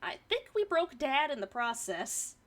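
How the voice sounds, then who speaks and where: Bright-voiced woman streamer reading aloud. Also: high voice, big pitch swings, unhurried. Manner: chatty, reactive, swears casually. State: throat irritated from pollen. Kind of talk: reading a forum story aloud with commentary.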